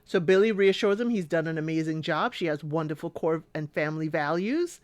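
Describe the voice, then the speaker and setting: Casual woman host, chatty and animated, acting out the quotes, dry close sound. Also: sits low, a little fast, dry recording. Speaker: recap vlogger. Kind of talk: casual episode recap.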